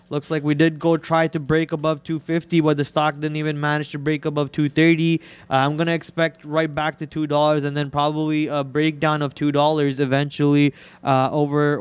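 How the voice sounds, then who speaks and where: A man's voice: a little high, smooth, no echo. A man hosting a live trading stream, chatting casually and joking while he talks through his trades, often repeating words as he goes.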